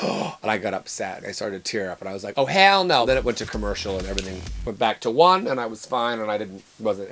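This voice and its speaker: A man's voice: mid-range voice, a bit bright. A man hosting a comedy web show, answering viewer questions in a sarcastic, brash and crude monologue.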